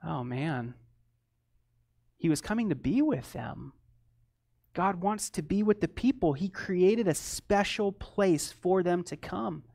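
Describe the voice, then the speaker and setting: A man preaching a sermon, swinging between loud animated storytelling and quiet, earnest teaching. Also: sits high, takes it slowly, gravelly, dry recording, clean studio sound. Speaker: pastor.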